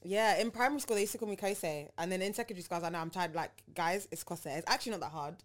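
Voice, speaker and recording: A young woman guest on a podcast, chatting casually and telling stories with lively quoted bits. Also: mid-range voice, very fast. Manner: animated storyteller, acts out quotes. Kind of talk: casual chat.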